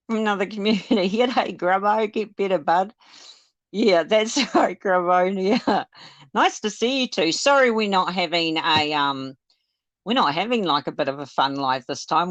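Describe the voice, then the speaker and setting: A woman's voice: sits low, a bit bright, dry recording. A woman hosting a casual live stream, talking hesitantly with lots of fillers. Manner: chatty, hesitant, full of fillers and laughs. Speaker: livestream host.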